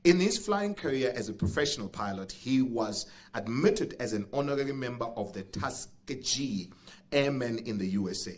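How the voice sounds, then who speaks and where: At an event venue, a man with a South African accent works as master of ceremonies, joking with the audience and laughing often. His medium-pitched voice is expressive and moderately paced.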